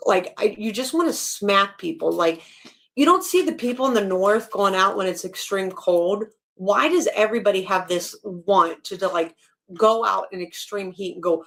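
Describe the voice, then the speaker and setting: A woman host talking in a loose, unscripted rant to her viewers. Her voice has a gravelly, creaky edge, and she sounds blunt and indignant, swearing freely as she goes. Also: medium pitch, lively intonation, normal speed, a bit bright. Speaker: channel host. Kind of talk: casual ranting livestream chat.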